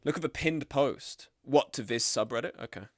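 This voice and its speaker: A man, streaming and chatting casually, animated and blunt, with frequent swearing and mimicking of others. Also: moderate pace, dry recording, clean studio sound. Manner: animated, swearing, acts out quoted people in higher voices. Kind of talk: casual live-stream commentary.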